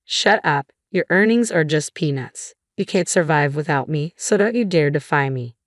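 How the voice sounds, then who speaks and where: A woman's voice: sits low, animated, moderate pace, dry recording, studio quality. A woman voicing a bossy, insulting husband. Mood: scornful. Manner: yelling, contemptuous.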